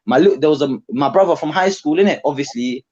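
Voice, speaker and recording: A man's voice: a little high, fast talker, a little mellow, lo-fi sound. A man rambling and repeating himself in slang-heavy talk as a guest on a live online panel.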